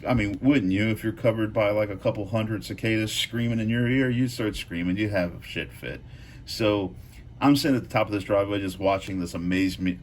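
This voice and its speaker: A man's voice: on the low side, slight background noise. A man hosting a knife channel, telling a loose, profane story to the camera, full of fillers and asides.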